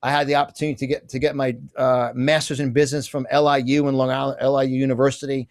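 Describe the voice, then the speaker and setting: A middle-aged man, a conservative business publisher appearing as an interview guest, rants forcefully in fiery political talk, piling up asides and restarting sentences. His medium-pitched voice moves quickly with little pitch movement.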